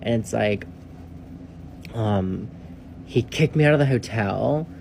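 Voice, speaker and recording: A man telling a casual storytime, rambling and swearing, leaning on "like" and dropping into hushed asides. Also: fairly low pitch, expressive, slow, creaky, a little hiss or hum. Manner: rambling, profane, heavy use of "like"; drops to a hushed whisper for asides.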